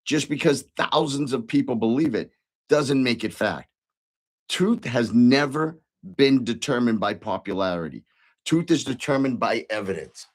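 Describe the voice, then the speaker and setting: A middle-aged man hosting his own show, telling a story in a casual, earnest way with frequent ums and restarts. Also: medium pitch. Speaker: podcast host.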